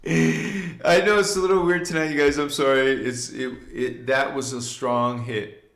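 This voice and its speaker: A man's voice: medium pitch, steady tone, unhurried, fairly bright tone, echoey room. A man hosting a live spiritual talk, rambling loosely with many fillers and speaking straight to his viewers. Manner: loose, meandering, frequent fillers and asides; addresses viewers directly and preachy. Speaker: livestream host.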